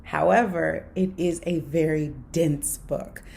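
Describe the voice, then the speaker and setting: A woman's voice: low voice, steady tone, slow, creaky, darkish tone, slight background noise. A young adult woman hosting a casual book review, telling a story animatedly and acting out the quoted dialogue. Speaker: book club host.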